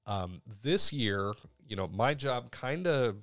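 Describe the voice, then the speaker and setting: A man in his thirties co-hosting a podcast, chatting in a relaxed, rambling way. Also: mid-range voice, slow, dry recording, clean studio sound. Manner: relaxed, rambling, laughs often. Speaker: podcast co-host. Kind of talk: casual chat.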